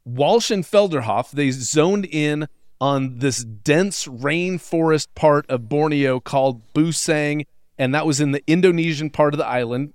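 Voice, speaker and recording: A man with a fairly high, smooth voice recounting a story on a podcast. He speaks wryly and casually, with frequent "uh"s, in a dry, close recording. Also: a little slow, no room sound. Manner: wry, conversational, lots of fillers. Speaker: podcast co-host.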